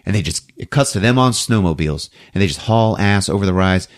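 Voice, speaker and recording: A man hosting a podcast who recaps a movie in a casual, animated storytelling way. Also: low voice, brisk. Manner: animated storytelling, acting out scenes. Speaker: podcast host.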